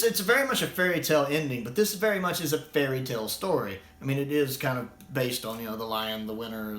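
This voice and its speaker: A man's voice: mid-range voice, a bit bright. An American man giving a casual, rambling spoken review, often restarting his sentences. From United States. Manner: rambling, frequent restarts and fillers. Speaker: video reviewer. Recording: roomy echo.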